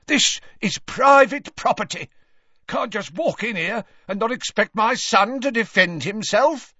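A man's voice: high-pitched, sing-song, slow pace, pushed and bright, slightly rough, no room sound, pitched above the performer's own voice, full character voice. A man voicing an aggressive, sneering elderly man in a dull, dry recording. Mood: hostile. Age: older. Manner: snarling, hostile. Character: aggressive elderly male cottage-dweller, sneering.

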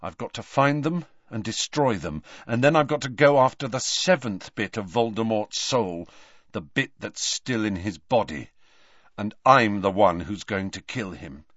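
A man's voice: on the low side, lively intonation, measured pace, a bit bright, no room sound, lo-fi sound. A man voicing a determined, defiant teenage boy in an audiobook. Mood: earnest.

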